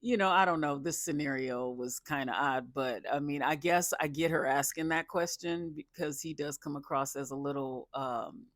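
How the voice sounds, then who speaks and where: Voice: mid-range voice, normal speed, hardly any pauses, a bit bright, no echo, studio quality. A speaker recapping a reality show episode in casual commentary, rambling, restarting sentences and laughing often. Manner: laughs a lot while recounting.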